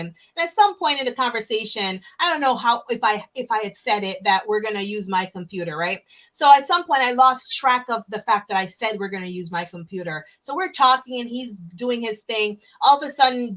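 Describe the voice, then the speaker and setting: A woman with a slightly high voice speaks as a coach. She explains through everyday stories, slipping into the voices of the people in them, and keeps checking in with her listener. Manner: animated storyteller acting out dialogue, frequent "right?". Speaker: certified coach, guest.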